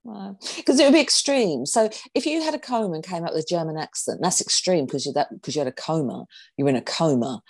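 Woman, giggly teasing banter, low voice, bouncy intonation. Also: lively intonation, fast, hardly any pauses, a little mellow, slightly rough. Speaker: podcast co-host. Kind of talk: casual chat. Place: on a video call.

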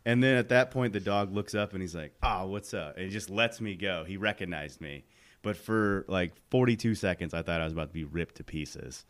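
A man's voice: sits low, a little fast, no echo. A man telling a funny story in casual podcast chat, laughing often.

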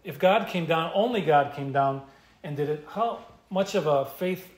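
A man's voice: a little high, normal speed, echoey room. A male pastor preaching an expository sermon, emphatic and repeating key phrases for stress. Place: church.

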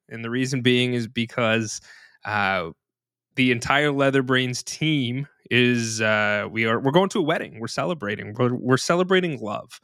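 A man with a bright, forceful voice hosts a casual podcast. His pitch sits in a middle range, and he talks in a chatty, informal way. The sound is dry and close. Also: clean tone, no echo. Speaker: podcast host.

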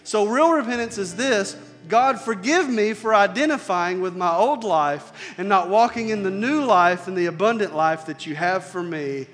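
Male pastor, fairly high voice, casual preaching that swells loud then drops soft, church hall reverb with faint music underneath. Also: animated, moderate pace, few pauses. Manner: conversational preaching, swings between loud emphasis and soft near-whispers. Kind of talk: sermon.

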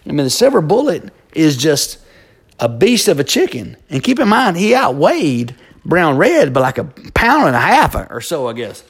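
A man's voice: on the high side, moderate pace, vocal fry, breathy edge. Rambling man telling a story. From Alabama. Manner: rambling, animated, full of fillers and restarts. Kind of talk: casual storytelling.

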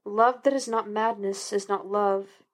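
A woman voicing a troubled female killer who speaks quietly and wistfully. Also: mid-range voice, steady tone, unhurried, natural voice.

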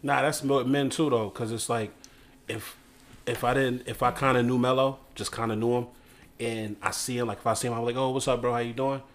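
A man's voice: medium pitch, steady tone, brisk. A young man hosting a casual group chat, playful and emphatic, reading out the questions.

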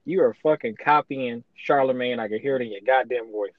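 A man's voice: mid-range voice, a little fast, no room sound, phone-quality sound. A man co-hosting a casual podcast, teasing his partner bluntly and swearing heavily. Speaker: podcast co-host.

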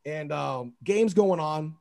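A man's voice: on the high side, animated, slow, vocal fry, mellow. A man, a basketball referee, telling a story in casual chat, acting out quotes and laughing often.

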